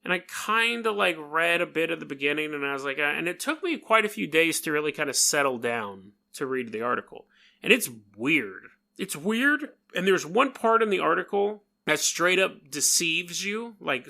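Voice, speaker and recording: New york guy podcasting, kinda high voice, jokey and rambly, does little sound effects. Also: creaky, sharp tone. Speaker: podcast host. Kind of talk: casual storytelling monologue.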